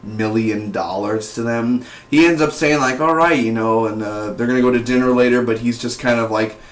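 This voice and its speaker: Casual male reviewer, mid-pitched, loose rambling delivery, roomy echo. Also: fairly even intonation, moderate pace. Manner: rambling, heavy on "like" and "you know". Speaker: TV series reviewer.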